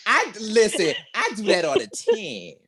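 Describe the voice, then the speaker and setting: A man co-hosting a casual podcast, colloquial and sassy, reacting with lively asides. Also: high-pitched, measured pace, a crowd in the background. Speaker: podcast co-host. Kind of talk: casual chat.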